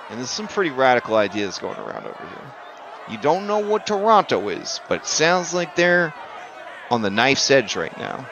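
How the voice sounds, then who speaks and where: A man running a tabletop game, rambling and joking, his bright, sharp voice rising and falling a lot. The audio is dull and lo-fi, with faint crowd and street noise behind. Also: medium pitch, wildly swooping pitch, normal speed. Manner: rambling, joking, many fillers. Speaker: game master.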